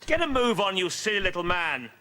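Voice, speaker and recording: A man's voice: sits high, very animated, fairly quick, bright, forceful tone, slight background noise, full character voice. An actor playing a rude, snobbish upper-class Englishman in sketch comedy, haughty and bullying.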